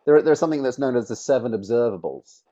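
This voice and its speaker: A man's voice: mid-range voice, animated, quick pace, warm tone, muffled recording. A middle-aged man presenting a webinar, speaking with emphatic, shifting stress on key words. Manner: emphatic, varies stress on words to make points.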